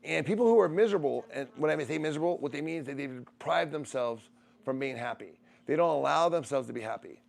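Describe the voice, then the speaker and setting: A man hosting a casual livestream, reading out viewer comments in a rambling, animated way, swearing freely and laughing often. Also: fairly high pitch, fast talker, vocal fry.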